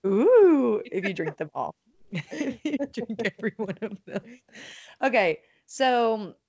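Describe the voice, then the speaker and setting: A woman's voice: on the high side, sing-song, slow, dark tone, slightly rough, highs cut off. A woman co-hosting a podcast, chatting casually with lots of fillers and giggles. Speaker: podcast co-host. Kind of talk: casual chat.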